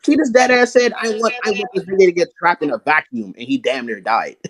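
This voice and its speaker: A man co-hosting an anime podcast, excitedly explaining powers with hypotheticals and slang. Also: sits high, fairly quick. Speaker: podcast co-host. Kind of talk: casual chat about anime.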